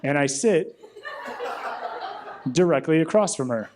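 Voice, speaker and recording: A young man doing a stand-up comedy set in a club, telling stories deadpan and acting out the other people with quick voice shifts. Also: on the high side. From Rockford, Illinois. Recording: live club recording with audience noise. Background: audience laughter.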